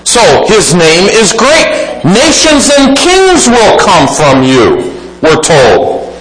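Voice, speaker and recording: Male preacher, high lively voice, emphatic sermon delivery, roomy hall sound. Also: slow, a little hiss or hum. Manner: emphatic, swings between loud exclaiming and quiet asides.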